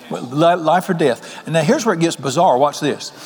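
A man, preaching an evening sermon in a folksy, animated way and asking the congregation questions. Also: fairly high pitch, moderate pace, few pauses, breathy edge. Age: 60s. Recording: long hall reverb.

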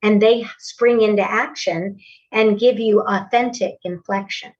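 A woman's voice: fairly even intonation, measured pace, a little mellow. Woman voice coach, distant and lo-fi. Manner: instructive, demonstrates pitch by counting aloud. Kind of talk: coaching a student through voice exercises.

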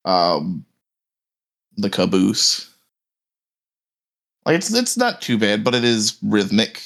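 A man narrating as game master, slow and halting with many fillers and restarts. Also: fairly low pitch, wildly swooping pitch, gravelly, fairly bright tone.

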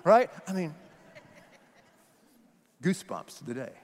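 Emphatic high-voiced male preacher. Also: very animated, slow pace, big-room sound. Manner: emphatic, conversational, asks many questions. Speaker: pastor. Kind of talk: sermon.

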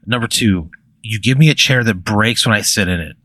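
A man's voice: lowish voice, fairly quick, pushed and bright, dry recording. A man playing along in an improvised comedy bit, exasperated and swearing as he talks back. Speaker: comedy podcast guest.

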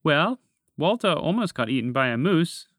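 A man's voice: fairly high pitch, very animated, normal speed, a bit bright, no room sound, clean studio sound. A man doing a chattery, jumpy girl frog. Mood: eager. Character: excitable female frog.

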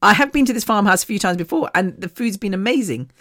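A woman's voice: medium pitch, expressive, fast, a bit bright. A woman hosting a podcast, candidly telling a personal story in a chatty way, swearing freely and laughing often. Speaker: podcast host.

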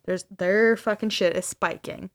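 A woman's voice: medium pitch, fairly even intonation, a little slow. A woman podcast host casually retelling a story, acting out the dialogue with casual swearing.

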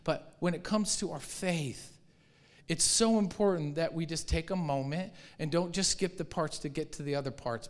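A man's voice: a little high, a bit bright. Man, pastor, sermon, acts out quoted reactions, asks the congregation questions, frequent restarts. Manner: restarts and repeats words often.

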